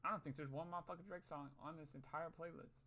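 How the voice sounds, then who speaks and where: A man's voice: on the high side, steady tone, quick pace, pushed and bright. A young man vlogging in a casual, rambling, profane monologue, often muttering to himself.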